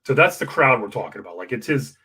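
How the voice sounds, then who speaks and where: A man telling a long personal anecdote in an emotional, animated way, acting out the people in it. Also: medium pitch, fast talker, husky. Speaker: campaign worker guest. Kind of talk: storytelling anecdote.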